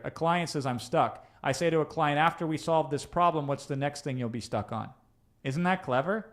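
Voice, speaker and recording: A man hosting a live coaching session, talking casually and straight to his listeners, often checking in with "right?" and restarting his sentences as he thinks aloud. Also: medium pitch. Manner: conversational, addresses listeners directly with tag questions; frequent restarts and fillers while thinking aloud. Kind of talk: live-streamed coaching talk.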